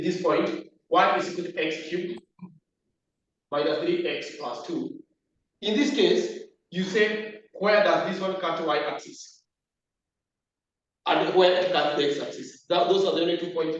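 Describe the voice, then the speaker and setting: A man teaching a maths class at the board, repeating key terms and asking the class questions. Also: a little high. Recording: echoey room, distant lo-fi mic.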